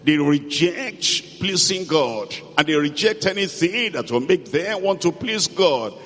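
Male preacher, slightly high voice, slow deliberate emphatic delivery, hall reverb. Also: lively intonation, a bit bright. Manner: slow, emphatic, repeats key phrases. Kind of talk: sermon.

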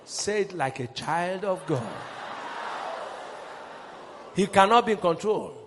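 A man preaching a sermon, emphatic and rousing, calling questions to his congregation and rising into shouts. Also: sits high, lively intonation, slow pace, long reverb tail, noisy background.

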